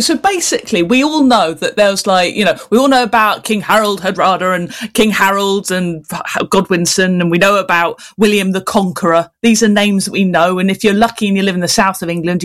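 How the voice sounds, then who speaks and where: Brief: woman author, chatty, self-mocking, mid-pitched, casual interview guest. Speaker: children's author.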